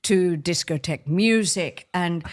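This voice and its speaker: An older woman from Australia, telling lively stories of her dancing career as a podcast guest and laughing as she goes. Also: fairly low pitch, unhurried. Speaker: guest, former ballet soloist. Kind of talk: anecdotal storytelling in conversation.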